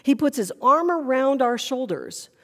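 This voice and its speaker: A woman's voice: high voice, lively intonation, unhurried, a bit bright, in a large hall. A woman pastor preaching a sermon in a church sanctuary, earnest and full of questions.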